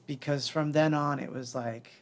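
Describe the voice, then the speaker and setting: A man's voice: on the high side, steady tone, normal speed. A middle-aged man telling the story of his band in a casual livestream, candid and rambling, acting out what others said. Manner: candid, rambling, acts out quoted voices.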